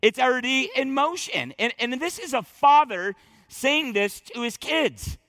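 A man's voice: very high-pitched, expressive, a little slow, pushed and bright, no room sound. A man preaching a sermon as pastor, emphatic and repeating words as he presses each point.

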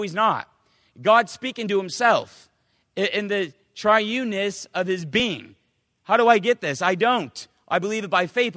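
A man preaching to his congregation, emphatic, rising to loud declarations and dropping to quiet asides. His voice sits high for a man. The sound is dry up close, with a long reverb tail from a church hall. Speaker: pastor. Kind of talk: sermon.

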